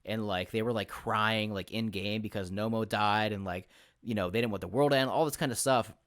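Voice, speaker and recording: A man hosting a casual podcast chat as a game master, telling stories in an animated way, acting out other people's lines and swearing freely. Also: fairly low pitch, fairly quick, no room sound, clean studio sound. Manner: animated storyteller who acts out quotes and swears freely.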